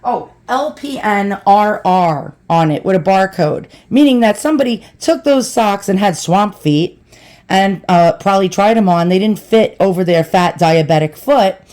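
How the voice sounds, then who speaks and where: A woman's voice: mid-range voice, expressive, measured pace, a little mellow. Chatty woman vlogging at home. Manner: chatty, rambling, talks to viewers as boys and girls. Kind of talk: casual unboxing vlog.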